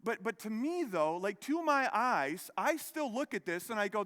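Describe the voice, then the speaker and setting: A pastor in his thirties preaches in a church sanctuary, where long hall reverb follows his words. He tells a meandering personal story, restarting often and poking fun at himself, in a high-pitched, slightly bright voice that is very animated, moderately paced, and hardly pauses.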